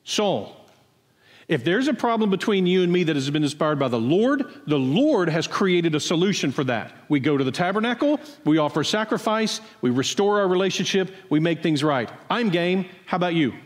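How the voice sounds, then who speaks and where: A man's voice: high voice, expressive, normal speed, long reverb tail. A man preaching a sermon, voicing an earnest young warrior who pleads persuasively with a king. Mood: pleading.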